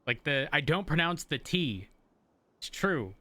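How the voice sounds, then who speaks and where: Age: adult. Sex: man. Role: streamer. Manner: rambling, bright and somewhat high voice. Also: animated, measured pace, dry recording. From rural area, then a city. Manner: rambling, self-interrupting explanations. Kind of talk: casual chat with viewers while gaming.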